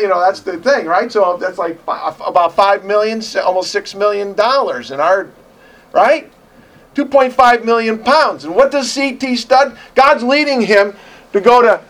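A man preaching a sermon with a fairly high voice. He talks with passion and emphasis, pushing some lines out loudly and letting others drop low and quiet. The sound is of a church service. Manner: impassioned, emphatic, swings from loud to quiet.

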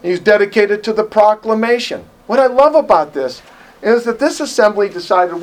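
A man preaching a sermon in a church, impassioned and emphatic, swinging from loud declarations to quiet, drawn-out lines. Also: very high-pitched, expressive.

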